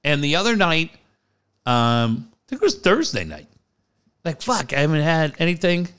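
Animated, lively-pitched man in casual chat. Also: moderate pace, smooth. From San Diego area, US. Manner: animated, swearing, rambling.

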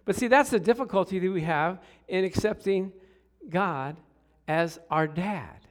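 A middle-aged man preaching a sermon, telling stories with hushed asides and sudden loud exclamations, and calling out for responses from the congregation. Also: sits high, a little slow. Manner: animated storytelling, swings from hushed to loud exclamations. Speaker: pastor.

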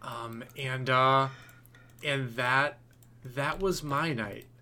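A man's voice: mid-range voice, steady tone, extremely slow, sharp tone. A man co-hosting a podcast, telling a long story in a casual, rambling way, full of fillers and restarts. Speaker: podcast co-host.

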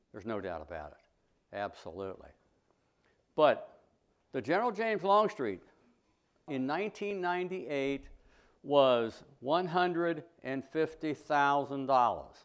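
A middle-aged sculptor with a medium-pitched voice gives a history club a folksy, plainspoken talk packed with anecdotes and blunt opinions.

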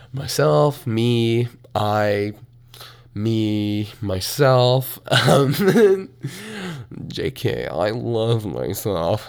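Young male college podcaster, lively swooping pitch, foul-mouthed solo rant from a dorm room. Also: creaky. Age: young adult. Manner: profane, animated, shifts from mumbling to shouting. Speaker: podcast host.

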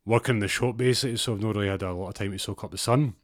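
A tired, patient corner-shop owner, as a storyteller puts him on, apologetic and matter-of-fact. The voice is low and sits in a dry, close sound. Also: male voice, very fast, no room sound, close to an everyday voice. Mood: weary.

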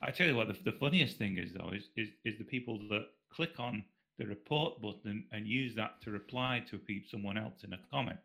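A man talks as a podcast guest in a gravelly voice with a bright, forceful edge. He is halting and exasperated, often restarting his sentences. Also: lowish voice. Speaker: site moderator guest. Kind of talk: casual podcast chat.

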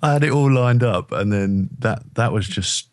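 Very deep-voiced rambling man. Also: moderate pace, darkish tone, dry recording. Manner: rambling, self-deprecating, many restarts. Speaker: podcast guest. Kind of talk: casual chat. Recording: dry close audio.

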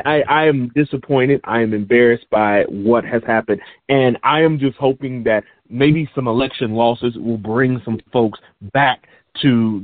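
A man, a regular commentator on a radio show, giving earnest and measured opinions. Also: mid-range voice, no echo. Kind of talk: casual on-air chat. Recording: phone-like radio audio.

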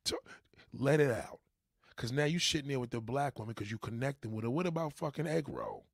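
Male reaction commentator with a gravelly voice, mocking and profane, recorded dry. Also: mid-range voice, very animated, fairly quick, dry recording. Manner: mocking, heckling, swears heavily. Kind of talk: profane rant over a played interview.

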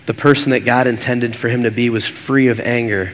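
A man's voice: mid-range voice, steady tone, brisk. A man preaching a sermon as pastor, earnest and repetitive in his cadence. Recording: long hall reverb.

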